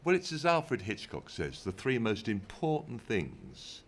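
Older man, English accent, very low voice, unhurried anecdotes, dry humour, faint background hiss. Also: sing-song. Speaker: former television director, guest. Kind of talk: anecdotal interview talk. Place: event stage in front of an audience.

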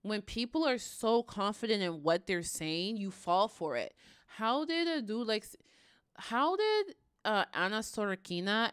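A woman hosting a reaction video, commenting in a casual, animated way with frequent sighs. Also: mid-range voice, smooth, dry recording, studio quality. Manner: animated, sighing, ranting.

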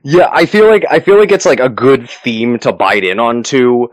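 A man's voice: mid-range voice, moderate pace, low-quality recording. A man running a tabletop game as game master, narrating the finale and then chatting loosely with many fillers and restarts.

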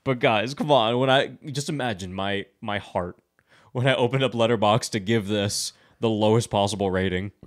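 A man hosts a casual movie podcast in a fairly low voice. He rambles through the plot recap and swears freely. His talk is loose and full of fillers. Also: normal speed. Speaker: podcast host.

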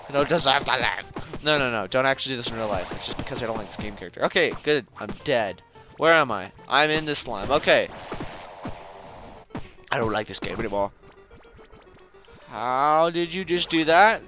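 A man's voice: mid-range voice, big pitch swings, moderate pace, fairly bright tone, faint music behind. A young man giving casual, jokey commentary over his own video game play, talking to the enemies on screen. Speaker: gaming channel host.

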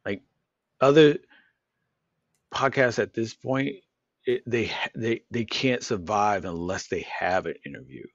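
A man co-hosts an unscripted, casual podcast chat, rambling and repeating words as he overanalyzes ideas and word meanings aloud. His voice is lowish and a little slow, with frequent pauses, in a dry recording with the highs cut off.

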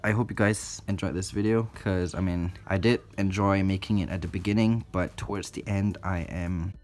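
A young man unboxing tarantulas on a phone-filmed home vlog, exasperated and swinging between loud outbursts and hushed whispers. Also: sits low, fairly even intonation, moderate pace. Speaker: tarantula keeper unboxing a delivery. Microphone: handheld phone.

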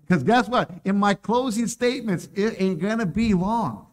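Animated joking man preaching. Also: sits high, very slow. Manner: joking, animated, laughs often. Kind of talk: sermon.

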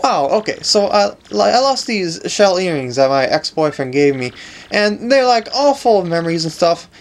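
A man's voice: high-pitched, very animated, moderate pace, voice pushed up. A man voicing a ditzy young woman in a video game, airy with rising upspeak. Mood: pleading. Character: ditzy young woman, valley-girl style.

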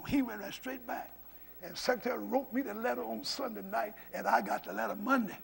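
An older man preaching a storytelling sermon as pastor, swinging from hushed asides to shouted lines. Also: very high-pitched, fairly quick, gravelly.

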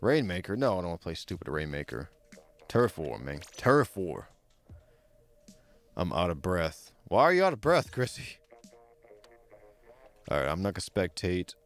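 A man streaming a video game, chatting casually and excitably with his friends, swearing now and then. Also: unhurried, pauses often. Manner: excitable, swears, pitch jumps when hyped. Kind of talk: casual gameplay commentary. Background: faint game music.

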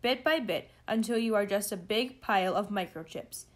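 A woman's voice: medium pitch, moderate pace, natural voice. A woman voicing a menacing teenage boy who leads a gang, speaking in a snarling, threatening way in a storybook reading. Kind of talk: storybook read-aloud.

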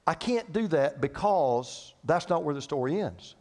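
A man's voice: a little high, animated, a little slow, few pauses, a little mellow. A man preaching a sermon as pastor, emphatic, with lots of repetition and rhetorical questions, in a church. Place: church sanctuary. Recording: reverberant church hall.

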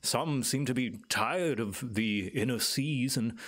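A man's voice: medium pitch, slow pace, a bit bright. A man voicing a courteous well-read ettercap. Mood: explanatory. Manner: polite, formal, slightly pompous phrasing. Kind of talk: tabletop role-play character voice.

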